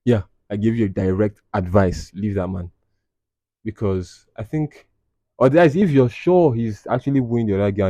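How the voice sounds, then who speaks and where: Twenties male podcast host, mellow low tone, teasing and blunt. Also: dry recording. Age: 20s. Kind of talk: casual chat reading anonymous confessions.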